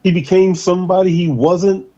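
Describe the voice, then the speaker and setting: A man hosting a casual political chat show, talking in an animated way and stretching out words for emphasis. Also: high voice. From Boston area. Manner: animated, drawn-out emphatic delivery. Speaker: podcast host. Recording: slightly dull lo-fi sound.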